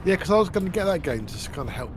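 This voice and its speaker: A man chatting casually while gaming, laid-back and agreeable with quick quips. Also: high voice, sing-song. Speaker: co-player. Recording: clear crowd noise behind.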